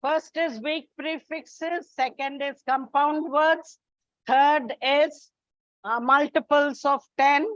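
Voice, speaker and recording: A woman teacher giving a classroom lecture on English, speaking deliberately, listing examples one by one and calling her students children. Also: high-pitched, fairly even intonation, a bit bright, dry recording. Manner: slow, deliberate, repeats and lists examples. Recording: dull, lo-fi sound.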